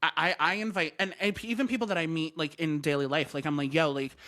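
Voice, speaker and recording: A man's voice: fairly high pitch, fairly even intonation, fast talker, bright, forceful tone. A man hosting a casual podcast chat, talking emphatically and repeating his points for stress. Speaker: podcast host.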